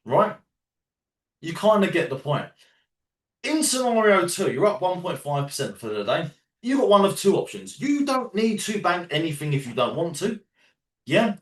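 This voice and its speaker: A man's voice: high voice, sing-song, moderate pace, echoey room, far from the mic. A man with a London accent coaching a group of traders on a live call, casual, sometimes swearing, and checking in with "yeah?" and "right?". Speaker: trading coach.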